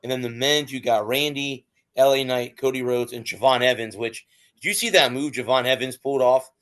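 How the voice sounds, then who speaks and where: A man's voice: medium pitch, fairly quick, a bit bright. A man co-hosting a casual sports podcast, rambling and restarting his sentences as he talks. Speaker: podcast co-host.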